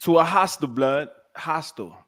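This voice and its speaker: A man co-hosting a podcast, talking in an animated, teasing way and laughing often. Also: on the high side, a little slow, crowd noise. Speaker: podcast co-host. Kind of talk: casual chat.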